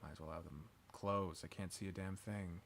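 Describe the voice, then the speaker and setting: A man's voice: deep voice, fairly even intonation, moderate pace, gravelly, a bit bright, slight background noise. A man streaming a story game, reading first-person narration dramatically and breaking off with swearing and jokes.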